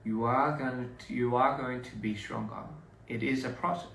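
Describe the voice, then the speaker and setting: A man's voice: medium pitch, fairly even intonation, moderate pace, gravelly, a bit bright, slight background noise. A young man, chatting casually to fans on a livestream, rambling with many restarts and fillers. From Australia. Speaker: performer talking to fans. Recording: roomy, somewhat distant phone audio.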